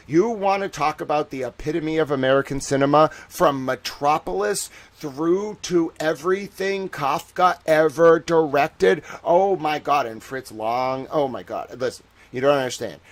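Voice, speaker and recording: Rambling, animated male livestream host. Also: on the high side, a little slow, hardly any pauses. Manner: rambling and animated, heavy use of "like". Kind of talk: casual livestream commentary.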